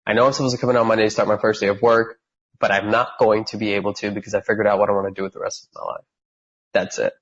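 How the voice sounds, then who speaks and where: Husky-voiced man telling a lively story. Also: lowish voice, rapid-fire, muffled recording. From California. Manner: animated storyteller who acts out quoted voices. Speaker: guest. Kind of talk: storytelling in a podcast interview.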